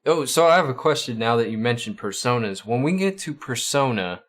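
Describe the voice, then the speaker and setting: A man's voice: medium pitch, animated, brisk, fairly bright tone. A man hosting a livestream, chatting casually with viewers and often stumbling over and repeating his words. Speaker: livestream host.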